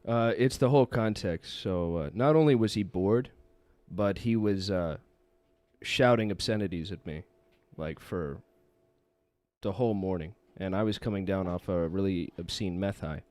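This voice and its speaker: A man's voice: low-pitched, moderate pace, a little mellow, dry recording. A man, a podcast guest, telling a rambling story in casual chat.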